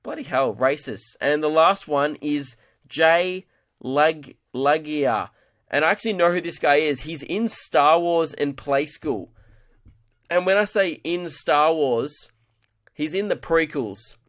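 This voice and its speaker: A man's voice: fairly high pitch, a bit bright. A young man hosting a comedy podcast, ranting in an exasperated, sweary monologue. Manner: exasperated, ranting, sweary, mimics people in quick voices.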